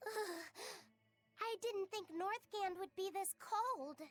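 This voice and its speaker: A woman voicing an earnest young boy companion in a video game, with a very high boyish voice. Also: slow pace. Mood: shivering. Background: faint game music.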